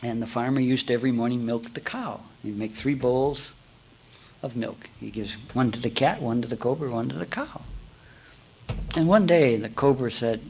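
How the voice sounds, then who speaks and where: A man gives a spiritual talk as a yoga teacher, in a middle-pitched voice. He tells folksy stories full of jokes and asides, and his level swings from loud to hushed. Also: normal speed, a little hiss or hum, low-quality recording.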